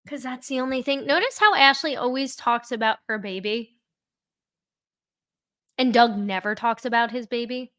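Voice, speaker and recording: A woman's voice: on the high side, normal speed, pauses often, sharp tone. A woman commentating on courtroom footage in a sarcastic, impassioned way. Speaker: true crime commentator.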